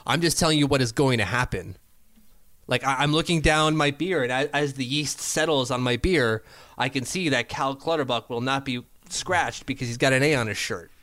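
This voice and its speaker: Chatty male podcast co-host, mid-pitched, dry close sound, casual hockey talk. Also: moderate pace, a bit bright, no echo. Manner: chatty, self-correcting, laughs easily.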